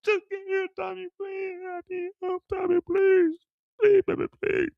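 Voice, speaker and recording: A man's voice: very high voice, monotone, a little slow, gravelly, no room sound, phone-quality sound, voice pushed up, exaggerated voice. A man voicing a panicked, hurt young woman who stammers and begs for help, breathless. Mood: panicked pleading. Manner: frantic, stammering, breathless pleading.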